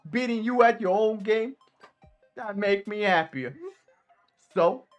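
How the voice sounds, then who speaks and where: A woman's voice: medium pitch, takes it slowly, muffled recording, soft background music, close to an everyday voice. A woman voicing a brash, bored male penguin boss who talks in a slangy, teasing street drawl. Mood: swaggering.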